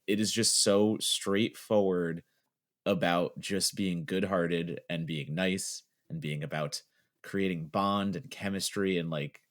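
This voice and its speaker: A man co-hosting a podcast, talking in a rambling, casual way with lots of fillers. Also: sits low. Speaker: podcast host.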